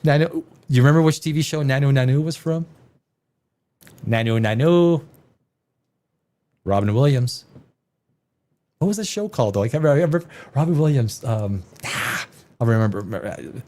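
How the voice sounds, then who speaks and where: A man's voice: mid-range voice, animated, normal speed, long pauses, a little mellow. A man hosting a live stream, reacting to headlines with sarcastic, rambling casual commentary.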